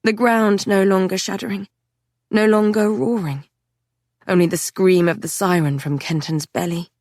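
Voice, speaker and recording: A woman reading a dark fantasy novel aloud in the first person, intense and measured. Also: medium pitch, fairly even intonation, no echo, studio quality. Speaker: audiobook narrator. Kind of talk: dramatic first-person audiobook narration.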